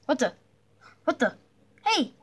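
A woman voicing a jumpy young blocky hero in a cartoon adventure, hesitant, with many nervous pauses and yelps. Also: sits high, sing-song, a bit bright, full character voice.

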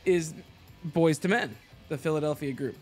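A man's voice: fairly high pitch, normal speed, over loud music. A man playing in a trivia game, joking and self-deprecating. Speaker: trivia player. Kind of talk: casual game show banter.

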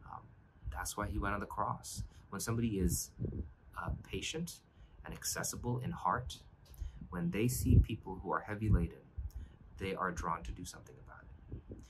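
A man's voice: low-pitched, moderate pace, background noise. A man pastor giving an earnest, reflective devotional sermon, often restarting his phrases.

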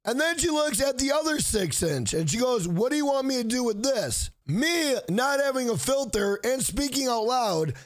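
High-voiced man telling a rant story. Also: moderate pace, few pauses. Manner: animated, exasperated storytelling. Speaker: channel host. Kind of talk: storytime vlog.

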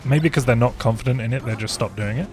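An English man, a young adult, commentating a live game in casual chat and laughing often. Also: fast. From England. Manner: chatty, laughs often, lively pitch. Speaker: esports commentator. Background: background music.

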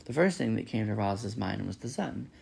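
A man's voice: on the low side, normal speed, gravelly, slight background noise. A man reading a children's novel aloud, narrating steadily. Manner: steady storytelling. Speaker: reader.

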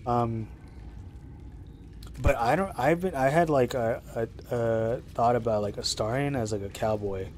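A young man streaming live, rambling chattily about his game with excitable reactions. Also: mid-range voice, measured pace, slight background noise. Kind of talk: live gameplay commentary.

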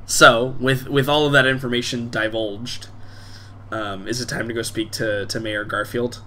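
A man's voice: medium pitch, fairly even intonation, moderate pace, bright, forceful tone, slight background noise. A man running a tabletop game as game master, talking in a casual, rambling way full of fillers.

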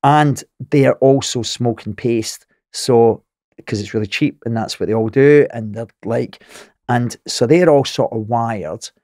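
A middle-aged man with a Glaswegian Scottish accent, a podcast guest telling a story in an animated way, swearing freely and laughing as he talks. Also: mid-range voice, unhurried, dry recording, clean studio sound. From Scotland.

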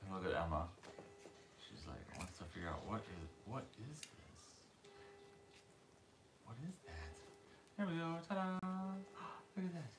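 A man's voice: big pitch swings, measured pace, long pauses, noisy background. A man hosting a casual livestream from his living room, cooing and baby-talking to puppies and greeting viewers by name in a loose, rambling way. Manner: coos and baby-talks to puppies, jumping into a high voice. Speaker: dog breeder hosting a livestream. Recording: roomy echoey room.

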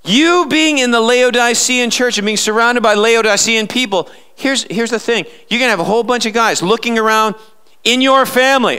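High, bright-voiced male pastor preaching. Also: fairly quick, smooth. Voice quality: emphatic, with sarcastic rhetorical questions. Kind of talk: live sermon. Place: church.

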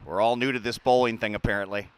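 A man's voice: on the low side, fairly even intonation, fast talker, clear, resonant tone. A man hosting a sports show, giving joking play-by-play of a silly indoor game in an arena. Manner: playful, chatty, laughs often.

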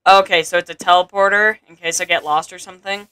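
A man talking casually over his own gameplay, thinking out loud and reading on-screen text aloud. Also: sits high, steady tone, fast talker, few pauses, clear, resonant tone. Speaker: gameplay video maker.

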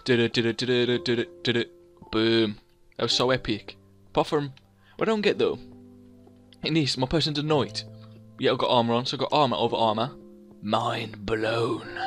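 A man doing excitable game commentary, humming sound effects and theme music as he plays. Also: medium pitch. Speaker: let's play gamer.

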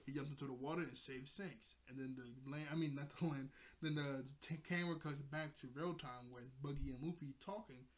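A man's voice: medium pitch, fairly even intonation, a little fast, few pauses. A man casually recapping an anime episode, rambling, laughing often and correcting himself mid-sentence. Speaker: anime reviewer.

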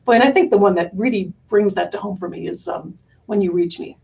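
Middle-aged woman, guest on a chat podcast, lively and earnest, quick laughs, mid-range voice. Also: medium pitch, gravelly, lo-fi sound. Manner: animated, laughs often, earnest about books. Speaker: curriculum company founder, guest. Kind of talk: conversational interview.

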